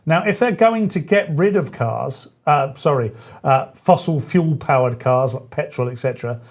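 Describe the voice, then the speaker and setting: A man, hosting a live-stream show in a chatty, joking way with quick asides. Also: mid-range voice, lively intonation. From England. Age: 40s. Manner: chatty, jokey, self-correcting asides. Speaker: show host. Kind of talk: casual live-stream chat.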